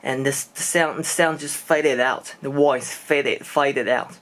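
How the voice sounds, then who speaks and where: A man's voice: medium pitch, fairly even intonation, slow, fairly bright tone. A man from China, speaking English and telling a personal story in a casual vlog, hesitant and searching for words. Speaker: vlogger.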